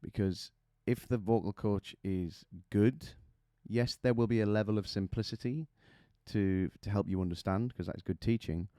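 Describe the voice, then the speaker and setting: Man, vocal coach; deep smooth voice, dry close sound, teaching with vivid imagery. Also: normal speed, dark tone, no room sound. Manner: explains with images and rhetorical questions. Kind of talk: vocal technique lesson.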